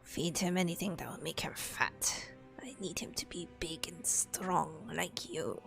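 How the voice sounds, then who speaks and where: A woman's voice: lowish voice, unhurried, gravelly, over music, pitched below the performer's own voice. A woman voicing a terse, masked female hunter in whispered role-play. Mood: dry. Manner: whispered, clipped and flat.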